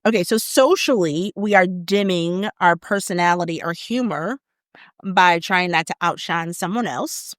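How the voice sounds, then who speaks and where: A woman co-hosting a podcast in casual chat, leading the talk through topics with lively, animated delivery and quick murmurs of agreement. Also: on the low side, dry recording, clean studio sound. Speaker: podcast co-host.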